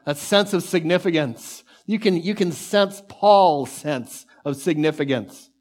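A man delivering a sermon in a slightly raised pitch. He preaches with fervent conviction, surging forward in quick bursts, then sinking to soft, slow, drawn-out phrases. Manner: fervent, pace and volume swell then drop to soft near-whisper.

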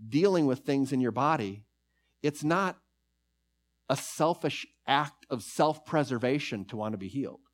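A man preaching a sermon, reading scripture aloud and telling a story with slow, emphatic pauses. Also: mid-range voice. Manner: reads scripture passages aloud.

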